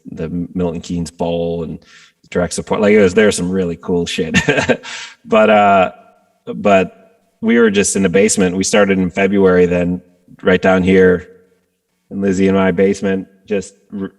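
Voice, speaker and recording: A man, a guest rock guitarist, telling stories in a casual interview and acting out quotes with sudden jumps in pitch. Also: normal speed, vocal fry. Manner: animated storyteller, acts out quotes with jumps in pitch.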